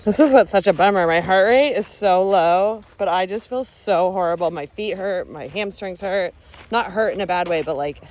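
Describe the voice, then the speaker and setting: A woman's voice: mid-range voice, animated, normal speed, a little mellow, a little hiss or hum. Candid chatty woman running vlogger. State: worn out after a hard run. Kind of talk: casual vlog chat. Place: outdoors, filming while running.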